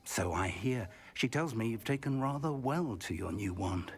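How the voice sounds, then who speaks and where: An actor playing a courteous, weary older professor in a video game, speaking in measured tones. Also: male voice, medium pitch, animated, soft background music, close to an everyday voice.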